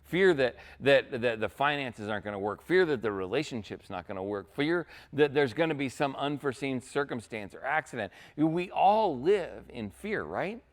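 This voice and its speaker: A man's voice: medium pitch, very animated, moderate pace, few pauses. A man preaching a sermon as a pastor, in a casual, conversational way, often checking in with "right?".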